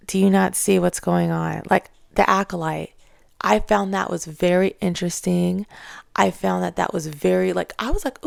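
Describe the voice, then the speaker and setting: Gravelly-voiced woman ranting casually. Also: fairly low pitch, moderate pace, no room sound, studio quality. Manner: animated, mocks others in exaggerated voices. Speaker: vlogger. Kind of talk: casual opinion rant.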